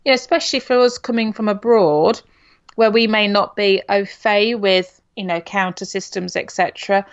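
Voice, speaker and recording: A woman's voice: medium pitch, steady tone, normal speed. A middle-aged woman from Nottingham with an English accent, co-hosting a podcast in casual, chatty talk. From England. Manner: chatty, uses "you know" and tag questions. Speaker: podcast co-host. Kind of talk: casual chat. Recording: dull lo-fi sound.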